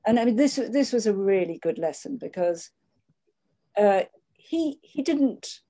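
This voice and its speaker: An older woman speaking in a measured, candid way, with frequent restarts, reflecting on her working life. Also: medium pitch, animated, mellow. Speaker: interviewee. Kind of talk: reflective conversation.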